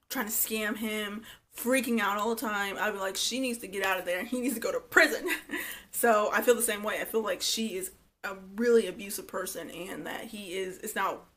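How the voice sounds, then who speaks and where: A woman's voice: mid-range voice, fairly bright tone. A woman giving a blunt, opinionated, gossipy casual review of a reality show. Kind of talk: casual commentary vlog.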